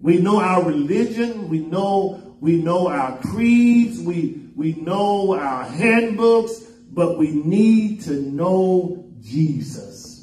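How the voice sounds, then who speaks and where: A man preaching a sermon as pastor, swinging up and down in pitch and half-singing some phrases. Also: lively intonation, slow, hardly any pauses, dark tone. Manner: preaching with sudden rises and drops in pitch, half-sung phrases. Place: church sanctuary. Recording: echoey church room, voice from far off the mic.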